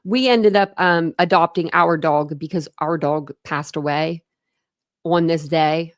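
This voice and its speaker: A woman's voice: low-pitched, measured pace, no echo, clean studio sound. A woman hosting a true crime livestream, chatting casually with viewers, rambling and laughing often.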